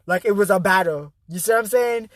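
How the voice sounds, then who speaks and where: A spiritual motivational speaker gives an intense, emphatic vlog monologue in a high, brisk, slightly bright voice, with no room sound. He swears freely and repeats his key phrases for emphasis.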